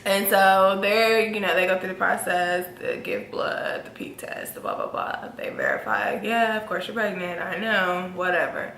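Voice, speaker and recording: Bright animated young woman storyteller. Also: normal speed, vocal fry, few pauses, slight background noise. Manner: animated, acts out quotes with big pitch jumps. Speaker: vlogger. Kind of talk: casual storytelling. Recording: echoey room with faint ambience.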